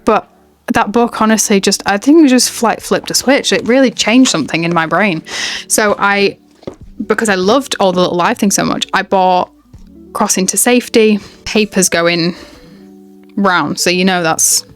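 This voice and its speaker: A woman's voice: medium pitch, normal speed, soft background music. A young woman chatting to camera in a rambling, enthusiastic way, often breaking off mid-sentence. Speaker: book and haul vlogger. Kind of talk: casual chat to camera.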